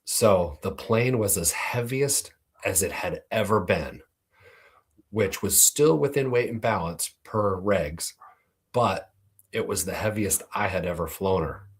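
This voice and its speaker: A man's voice: sits low, unhurried, breathy edge. A man hosting a show, telling a personal flying story in a laid-back, profane way. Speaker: host. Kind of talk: casual storytelling.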